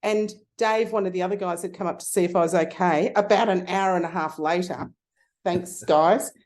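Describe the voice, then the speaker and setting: A middle-aged Australian woman, a photography consultant, telling lively stories in a casual interview with frequent restarts. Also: lowish voice, normal speed.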